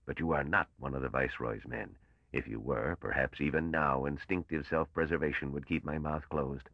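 An older man's voice, played by a man, as a bitter and weary old patrician who speaks slowly. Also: rumbling low, fairly even intonation, vocal fry, dry recording, dull audio, exaggerated voice.

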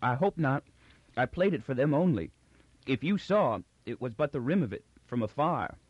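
A man's voice: mid-range voice, very animated, normal speed, slightly rough, no echo, highs cut off, pitched above the performer's own voice. A man voicing a timid male clown musician who speaks in quaint, formal phrasing. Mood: earnest.

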